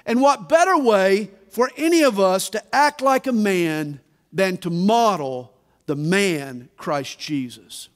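A man preaching a sermon at a conference, deliberate and emphatic, with dramatic pauses. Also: sits high, lively intonation. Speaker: pastor. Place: large conference hall. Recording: reverberant conference hall.

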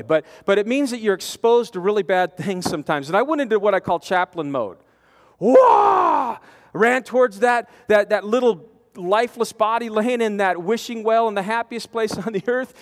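A man preaching a storytelling sermon, animated, with stammering restarts, swinging from loud to hushed. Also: sits high. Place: large conference hall. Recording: long reverb of a conference hall.

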